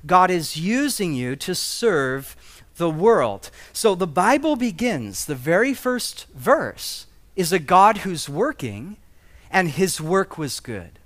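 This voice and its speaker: A man's voice: high-pitched, very animated, slow pace, fairly bright tone. A man preaching a conversational sermon as pastor, with humorous asides and rising emphasis.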